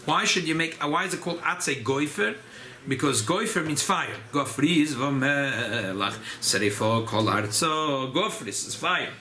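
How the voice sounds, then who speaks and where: A man teaching an informal Torah class as a rabbi, animated and emphatic. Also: measured pace. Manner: animated, rising pitch on emphasis, Yiddish and Hebrew terms mixed in.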